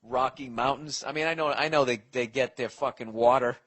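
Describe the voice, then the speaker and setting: A man's voice: medium pitch, a little fast, a bit bright. A man hosting a comedy podcast, ranting in a profane, rambling and blunt way while giving advice. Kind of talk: casual comedic rant.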